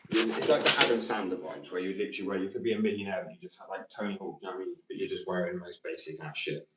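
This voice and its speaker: A man's voice: sits low, racing, background noise. A man with a slight Australian twang, ranting to camera in a profane, combative, rambling monologue. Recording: roomy sound from a distant mic.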